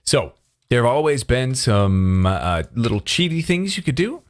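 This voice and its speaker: A man's voice: medium pitch, very animated, unhurried. Rambling man in laid-back game commentary. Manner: rambling, self-interrupting, chuckles often. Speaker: gaming video creator. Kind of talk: casual gameplay commentary.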